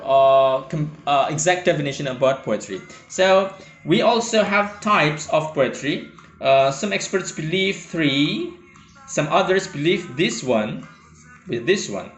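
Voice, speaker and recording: A man's voice: a little high, fairly bright tone. A man teaching a poetry lesson, hesitant with many fillers, who reads verse aloud with a rhythmic lilt. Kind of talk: lecture explaining poetry. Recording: roomy with faint music.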